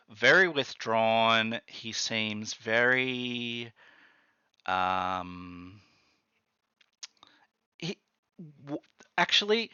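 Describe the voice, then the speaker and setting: Bright, clear-voiced game master. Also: male voice, medium pitch, no room sound, muffled recording. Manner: hesitant, lots of ums and restarts. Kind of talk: narrating a tabletop game.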